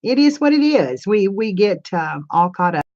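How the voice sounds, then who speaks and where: This is an older woman hosting a live stream for her crafts channel. She rambles in a homey way and answers her viewers' comments as they come in. Her voice sits at an ordinary middle pitch, and the webcam audio is dull and lo-fi. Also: very animated, normal speed, a little mellow. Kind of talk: casual live-stream chat. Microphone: camera mic.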